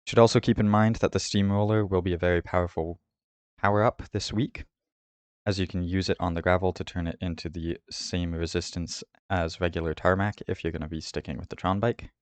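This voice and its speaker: A man hosting a route guide, giving a steady, methodical voice-over about a race course. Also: low-pitched, fairly quick, no echo. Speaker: host of a cycling route guide. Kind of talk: scripted voice-over over game footage.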